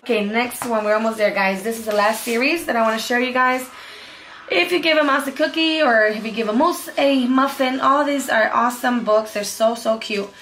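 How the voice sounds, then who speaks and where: A woman's voice: a little high, fairly quick, a bit bright, a little hiss or hum. A woman vlogging as a homeschool mom, chatting casually and cheerfully about favorite picture books. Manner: chatty and upbeat, repeats "super cute". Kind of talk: casual book review vlog.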